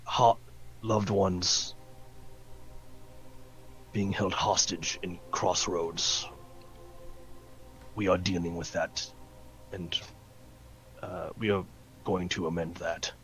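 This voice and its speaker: Male player, low bright voice, stop-start casual chat, faint music underneath. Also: fairly even intonation, rough recording. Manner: halting, full of fillers and restarts. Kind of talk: casual tabletop game chat.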